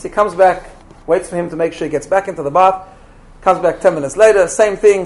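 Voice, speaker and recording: A man tells a story in a lecture, with an animated, chatty delivery. He often repeats words and checks in with his listeners. His voice is high for a man. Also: brisk.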